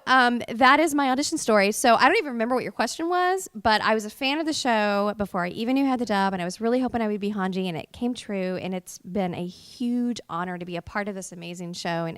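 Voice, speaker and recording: A woman voice actress being interviewed at a convention, telling lively stories and acting out the people in them. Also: on the high side, brisk. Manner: animated storyteller, acts out quotes with voices.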